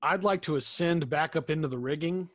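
A man with a higher-pitched voice talks a little fast in a dry recording. He's a player in a tabletop game, casually and hesitantly describing what his character does, with many fillers.

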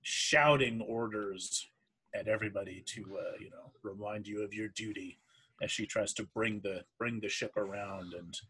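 A man narrating as game master of a tabletop game, halting with many fillers and restarts. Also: on the low side, fairly even intonation, a bit bright.

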